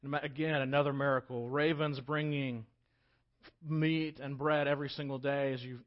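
A man preaching a casual storytelling sermon as pastor, talking conversationally and swinging between loud emphasis and hushed moments. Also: medium pitch, little pitch movement, normal speed, muffled recording.

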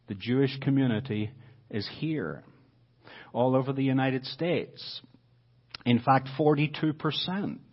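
Dramatic preaching man in his fifties. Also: mid-range voice. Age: 50s. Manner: dramatic, with swings from loud declarations to hushed drops. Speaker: visiting mission speaker. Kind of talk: sermon to a church congregation. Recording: dull lo-fi recording.

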